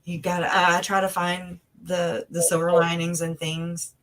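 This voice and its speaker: A woman with a fairly low voice talks over a video call as an interview guest. She rambles earnestly and emotionally, circling back with fillers and restarts. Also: little pitch movement, normal speed, a bit bright, a little hiss or hum, rough recording. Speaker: interview guest, family member of the victims. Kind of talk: casual conversational interview.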